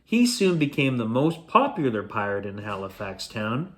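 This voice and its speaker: Expressive man reading a bedtime story. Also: medium pitch, moderate pace. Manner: expressive, playful. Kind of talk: storybook read-aloud.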